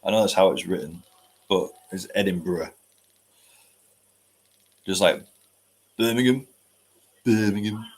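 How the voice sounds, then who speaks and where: A man's voice: low-pitched, measured pace, long pauses. A man hosting a live stream, chatting and answering viewer comments with dry jokes. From United Kingdom. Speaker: host.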